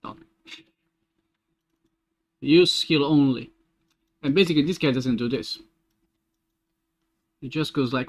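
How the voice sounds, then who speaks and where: A man streaming game development, thinking aloud in a casual, halting way as he works through code. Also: medium pitch. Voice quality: muttering to himself, halting restarts.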